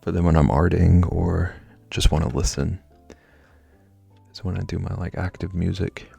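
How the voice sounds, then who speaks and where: Low gravelly-voiced man streaming casually. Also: fairly even intonation, normal speed, warm tone, soft background music. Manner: rambling, answers chat, filler "like". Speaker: livestreamer.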